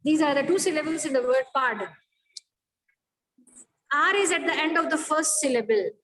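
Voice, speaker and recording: High-voiced woman teaching phonetics. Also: moderate pace, a bit bright, low-quality recording. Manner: explains step by step, checks understanding. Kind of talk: phonetics lecture.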